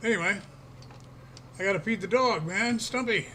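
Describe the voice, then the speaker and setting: A man's voice: high-pitched, normal speed, sharp tone, slight background noise. An older man chatting casually in a folksy way as he streams a farming game, chuckling often. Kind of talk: casual gameplay commentary.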